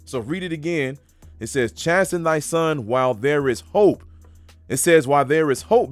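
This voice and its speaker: A man's voice: fairly high pitch, no echo. A man preaching casually while reading scripture aloud. He is emphatic, uses street-talk phrasing and keeps saying "man.".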